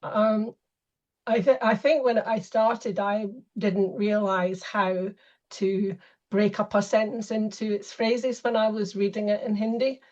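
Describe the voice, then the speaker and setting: A woman student speaking thoughtfully in an online class and pausing to gather her thoughts. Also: mid-range voice, flat delivery, darkish tone, muffled recording.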